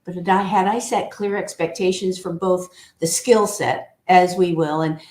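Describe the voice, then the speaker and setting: Woman in her sixties, culture coach guest; measured, deliberate delivery; roomy echo. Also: on the low side, steady tone, a little mellow. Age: older. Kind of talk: conversational interview. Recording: echoey room.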